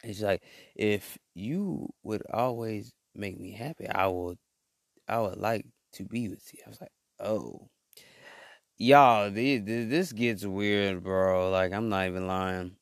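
A young man casually telling viewers a rambling story about a chat, reading messages aloud and breaking into loud outbursts. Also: fairly low pitch, slow, no room sound, studio quality. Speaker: host.

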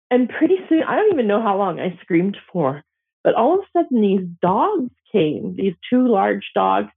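Middle-aged woman elder, slow heartfelt storytelling with pauses, thin phone-like sound. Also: mid-range voice, breathy edge. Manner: slow, gentle, emotional telling with pauses. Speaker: Métis elder sharing a personal story. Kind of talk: reflective personal storytelling. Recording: tinny phone-like audio.

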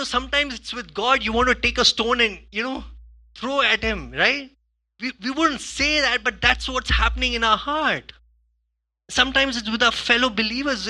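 A man preaching a sermon as pastor, in a conversational way, with frequent "okay?" and "you know", swinging between hushed asides and loud bursts of emphasis. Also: high-pitched.

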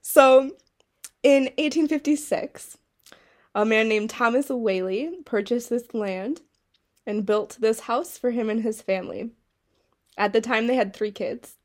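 Excitable young woman telling a story. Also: fairly high pitch, unhurried. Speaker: podcast co-host. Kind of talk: casual chat.

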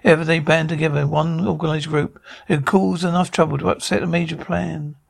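A man's voice: fairly high pitch, flat delivery, brisk, creaky. A man reading a ruthless alien war chief. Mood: cold. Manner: curt, threatening.

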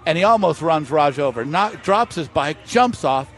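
At a moderate pace and a fairly high pitch, a man recounts anecdotes in an interview at an outdoor festival. He is a master distiller and an animated storyteller who performs the voices of the people involved.

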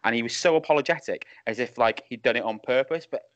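A man's voice: medium pitch, fast, a bit bright, no room sound. A man, a wrestling referee guest, telling rambling anecdotes with chuckles over a video call. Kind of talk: casual chat. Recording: muffled Skype call audio.

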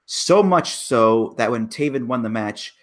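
A man's voice: medium pitch, expressive, measured pace. A man co-hosting a casual wrestling chat, making emphatic arguments about storylines. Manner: emphatic, breaks down booking logic.

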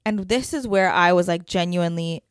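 A woman's voice: on the low side, a little fast, smooth, dry recording, studio quality. A woman co-hosting a podcast, telling a travel story in casual chat and acting out the people in it. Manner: animated, acts out the people in her stories. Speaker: podcast co-host. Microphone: podcast microphone.

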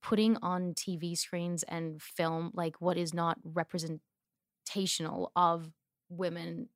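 A woman's voice: on the low side, flat delivery, slow, no echo, studio quality. A woman in her thirties with a faint Australian accent, chatting candidly as a podcast co-host and laughing often. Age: 30s. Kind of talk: casual chat.

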